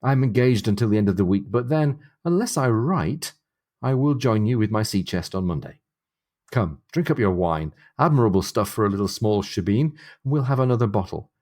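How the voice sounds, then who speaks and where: A man reading out a reserved ship's physician who chooses each formal, old-fashioned phrase with care. His voice sits low and plain, steady rather than showy. He sounds deliberate and composed, like a passage read aloud from a novel. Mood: earnest.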